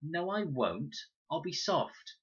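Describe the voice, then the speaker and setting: Needs a man putting on a whiny, pouty little boy for a storybook reading, high and lively. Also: slow, husky, muffled recording, exaggerated voice. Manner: pleading, pouty. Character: small boy, whiny and stubborn.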